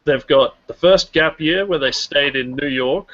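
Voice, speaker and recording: A man's voice: on the high side, a little slow, a bit bright. A man co-hosting a casual review podcast, enthusiastic and swearing casually. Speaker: podcast co-host. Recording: muffled lo-fi mic.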